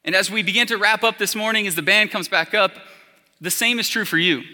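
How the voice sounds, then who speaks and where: A man's voice: high voice, fairly quick, pushed and bright. A man in his thirties preaching a sermon as a pastor, telling stories in a casual, conversational way with lots of fillers. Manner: conversational storytelling with many fillers. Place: church hall. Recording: long hall reverb.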